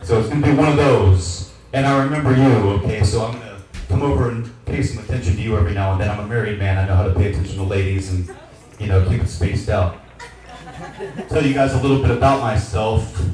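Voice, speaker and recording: A man in his forties doing a stand-up comedy set in a small lounge, loud, brash and crude. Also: lowish voice, fast, background noise. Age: 40s. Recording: echoey venue miked from a distance.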